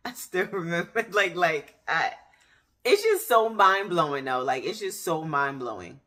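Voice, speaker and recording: Woman, thirties, candid faith testimony, bright tone, unhurried. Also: fairly low pitch, big pitch swings. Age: 30s. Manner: candid and searching, pauses and restarts, speaks directly to viewers. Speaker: faith vlogger. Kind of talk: personal faith testimony, casual talk to camera.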